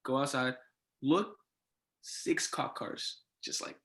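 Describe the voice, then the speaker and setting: A young man, a podcast guest, tells a casual story with animated swings and excited turns of phrase. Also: medium pitch, takes it slowly. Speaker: podcast guest, resident assistant.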